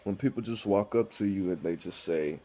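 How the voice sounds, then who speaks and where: A man's voice: low-pitched, moderate pace, mellow. A man talking casually to the camera in a blunt, rambling way, full of swearing, about his life. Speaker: vlogger.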